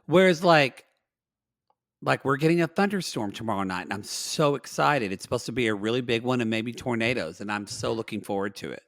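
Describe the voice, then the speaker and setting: A man, co-hosting a podcast and recapping a reality show in animated casual chat with loud dramatic outbursts. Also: mid-range voice, brisk, dry recording, clean studio sound. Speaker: podcast co-host.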